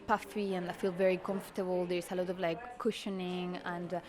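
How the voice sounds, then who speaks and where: A woman's voice: on the low side, level tone, a little fast. A female fashion designer explaining her collection thoughtfully in an interview, with many fillers. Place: busy showroom at a cultural institute. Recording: showroom with clear crowd chatter.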